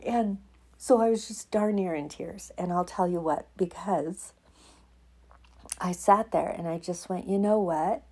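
Husky low-voiced woman telling faith stories. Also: a little slow, mellow. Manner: emotional, laughs often while telling. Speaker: podcast host. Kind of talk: personal faith storytelling.

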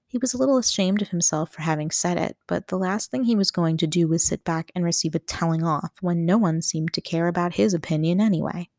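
A woman reading a novel aloud as an audiobook narrator, calm and measured. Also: lowish voice, dry recording, studio quality.

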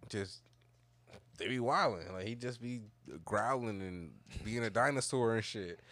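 A man in casual podcast chat, chiming in with relaxed, profane comments. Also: lowish voice, unhurried, dry recording. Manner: laid-back, profane interjections. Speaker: podcast co-host.

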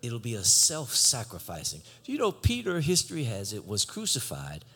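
A man preaching a sermon, swinging from shouted exhortation to low conversational teaching. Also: huge pitch swings, moderate pace, husky.

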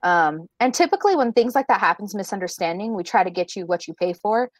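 A woman's voice: mid-range voice, lively intonation, quick pace, dry recording. Rambling young woman telling a story. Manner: rambling, full of "like" and "blah blah" fillers. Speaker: podcast co-host. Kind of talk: casual storytelling. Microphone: remote recording at home.

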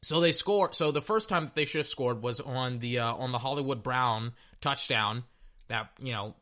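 A man's voice: mid-range voice, moderate pace, bright, forceful tone. A man hosting a podcast, reacting to a game in a blunt, profane, repetitive rant. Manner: blunt, profane, repeats himself. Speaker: podcast host. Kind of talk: casual sports reaction rant.

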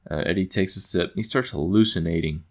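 A man's voice: low-pitched, fast. A man casually recapping an episode in a rambling, amused way with lots of fillers. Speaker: show recapper.

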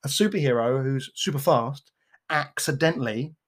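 A man's voice: medium pitch, moderate pace. A man with a Cockney accent co-hosting a casual podcast, chatting about TV shows with teasing, jokey banter. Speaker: podcast co-host. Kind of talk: casual chat.

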